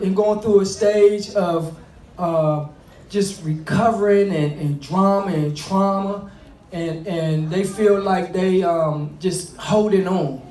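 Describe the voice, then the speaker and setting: A man's voice: sits high, darkish tone, recorded from a distance, a little hiss or hum. Middle-aged man, earnest and conversational, speaking to an audience on fatherhood; echoey room, sitting back from the mic. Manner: earnest, conversational, repeats and restarts. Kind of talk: motivational talk to an audience.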